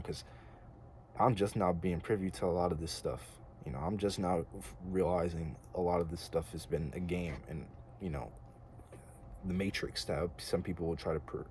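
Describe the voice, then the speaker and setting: A man's voice: deep voice, a little mellow, a little hiss or hum. A young American man giving an earnest, rambling spiritual monologue to camera, casual and slangy with lots of filler words. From United States. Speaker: vlogger.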